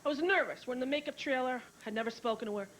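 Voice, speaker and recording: A woman in her thirties performing a brash, fast-moving stand-up comedy set, acting out other people's lines, with an audience laughing. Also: high-pitched, fairly bright tone, poor audio. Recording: old VHS tape with hiss.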